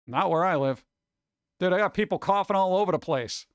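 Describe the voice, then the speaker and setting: A man's voice: high-pitched, lively intonation, brisk, clear, resonant tone, no room sound, clean studio sound. A man streaming live, chatting casually and reading chat messages, rambling and joking with a sarcastic edge.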